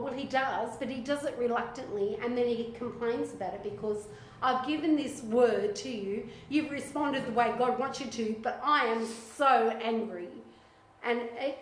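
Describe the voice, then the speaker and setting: A woman leading a small-group Bible study in a casual, animated way, acting out what biblical figures might say. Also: a little high, slight background noise. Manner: animated, chatty, acts out voices of biblical figures. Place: echoey room with a small group. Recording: echoey room recording.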